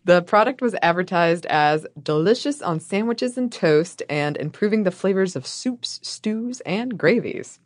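Sex: woman. Role: podcast co-host. Style: scripted history storytelling. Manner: wry and playful. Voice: lowish pitch. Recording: dry and close. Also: lively intonation, measured pace, hardly any pauses, no echo. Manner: wry, playful, laughs often.

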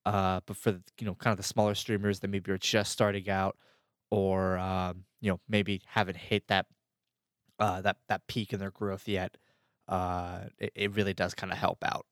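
Chatty low-voiced man, dry sound. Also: flat delivery, moderate pace, dry recording. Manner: filler-heavy, chatty explaining. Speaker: podcast host. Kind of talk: casual chat.

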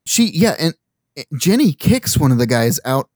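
A man's voice: a little high, big pitch swings, normal speed, darkish tone. A man co-hosting a podcast, casually recapping movie plot points with easy laughs and fillers. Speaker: podcast co-host.

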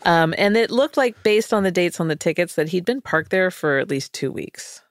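Woman, lower pitch, comedic storyteller, playful, dry studio sound. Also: lively intonation, moderate pace, no room sound. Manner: playful, puts on silly voices for quotes. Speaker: podcast co-host telling a true crime story. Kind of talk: casual comedic storytelling chat.

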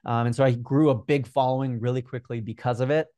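An earnest, energetic young man in his twenties talks through his story as a podcast guest, often pausing on fillers. His voice sits at an ordinary middle pitch, recorded close with no room echo. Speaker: guest, Instagram growth coach. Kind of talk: casual interview talk.

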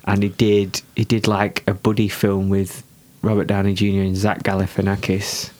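Male co-host, slightly low voice, easygoing and opinionated. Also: normal speed. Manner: relaxed, opinionated about films. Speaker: podcast co-host. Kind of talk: casual chat.

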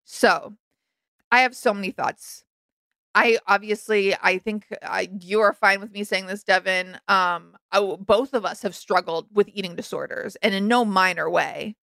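A young adult woman co-hosting a podcast, talking through a reality show in a frank, animated, casual way. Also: medium pitch, normal speed, gravelly, no room sound. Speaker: podcast co-host. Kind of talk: casual recap chat.

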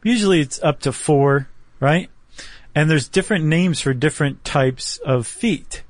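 A man's voice: a little high, unhurried, dry recording. A man co-hosting a podcast, explaining things step by step in casual chat with small self-deprecating jokes. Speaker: podcast co-host.

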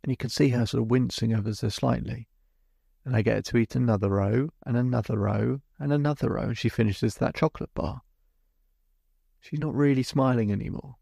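A man's voice: mid-range voice, brisk, vocal fry, warm tone, slightly rough, no echo, studio quality. A man hosting a podcast as a hypnotherapist, telling a client's story in vivid detail and acting out both sides of the conversation. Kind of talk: storytelling monologue.

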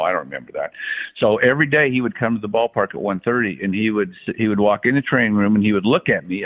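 An older man in his sixties tells stories in a relaxed, folksy way, restarting his sentences often and acting out the voices of people he quotes. His voice sits fairly low, and it comes through a narrow, tinny phone line. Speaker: guest, former baseball athletic trainer. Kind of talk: relaxed anecdotal storytelling.

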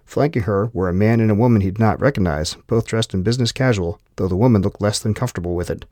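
Low-voiced male audiobook narrator. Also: fast talker, a little mellow, no echo, studio quality.

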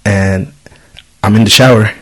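A man's voice: on the low side, a little slow, rough recording. Profane, storytelling man. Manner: profane, animated storytelling with voiced quotes. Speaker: podcast host. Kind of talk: casual storytelling chat.

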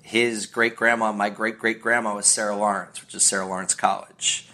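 Rambling storyteller man, low voice. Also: flat delivery, normal speed, pushed and bright. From United States. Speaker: guest. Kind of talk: casual podcast chat.

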